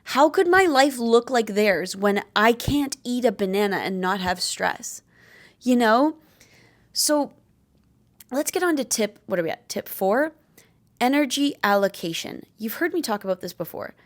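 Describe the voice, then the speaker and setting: A woman's voice: fairly high pitch, expressive, a little slow. Young adult woman, vlogger; candid, blunt, profane, emphatic delivery. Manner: blunt, swears freely, emphatic. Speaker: vlogger sharing chronic illness tips. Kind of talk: candid talking-to-camera advice.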